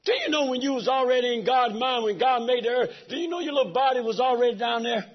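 A middle-aged man with a raspy, gravelly voice, preaching a sermon that swings from soft talk to shouts. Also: very high-pitched, fast talker, lo-fi sound. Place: church sanctuary.

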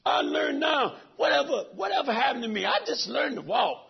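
Middle-aged preacher, very high raspy voice, dull lo-fi church recording. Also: male voice, lively intonation, normal speed. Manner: preaches fervently, swinging from soft talk to shouts. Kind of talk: sermon. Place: church sanctuary.

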